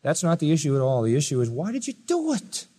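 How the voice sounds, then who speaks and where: A preacher delivering a sermon, firing rhetorical questions at listeners, swinging from loud high exclamations to quiet low asides. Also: male voice, huge pitch swings, fast talker, husky, in a large hall. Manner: emphatic, rising to loud high-pitched exclamations then dropping quiet.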